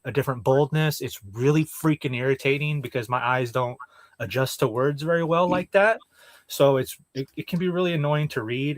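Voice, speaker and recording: A man's voice: mid-range voice, no room sound. A man co-hosting a podcast in casual chat, blunt and exasperated, swearing freely. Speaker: podcast co-host.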